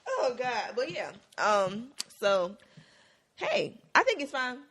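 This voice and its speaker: A woman co-hosts a casual TV recap. Her pitch swings widely as she tells stories in slang and laughs often. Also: takes it slowly, slight background noise. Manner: animated, laughing, slangy storytelling. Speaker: podcast co-host.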